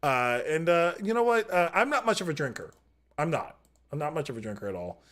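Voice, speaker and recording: A man's voice: on the high side, big pitch swings, fairly quick, a bit bright. A man hosting a live online improv comedy game, setting up the rounds and reacting to the players. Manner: upbeat, leads the game and reacts to jokes. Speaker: improv show host. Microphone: video call.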